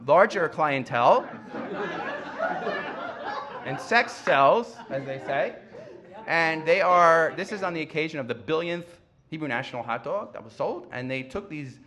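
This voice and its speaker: Male lecturer, wry and conversational, animated delivery. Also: a little high. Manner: wry, conversational, asks "right?". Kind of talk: public lecture.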